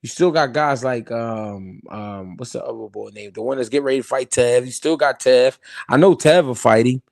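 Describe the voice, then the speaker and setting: A man's voice: mid-range voice, normal speed, gravelly, no echo, clean studio sound. A man hosting a live-stream boxing talk show, arguing heatedly and talking to his chat. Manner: heated, animated, talks to chat. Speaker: host.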